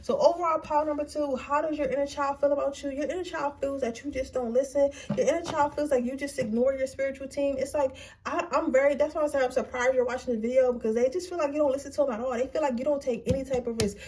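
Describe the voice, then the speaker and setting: Brief: young female tarot reader, high pitch, blunt and slangy, noisy recording. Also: fast talker. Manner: blunt, profane, slangy, animated. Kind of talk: casual pick-a-card tarot reading.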